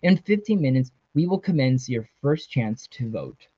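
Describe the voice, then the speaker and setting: A man's voice: medium pitch, animated, normal speed, dark tone, slightly rough, dry recording. A man voicing an unseen, cold game master who announces rules over a speaker. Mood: commanding. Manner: announcing orders. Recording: dry, slightly dull sound.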